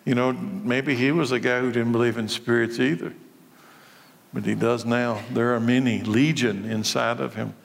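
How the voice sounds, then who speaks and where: A male pastor delivers a sermon in an emphatic voice, repeating words for effect. His voice has an ordinary middle pitch. A long hall reverb trails after each phrase. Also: fairly even intonation, normal speed, gravelly.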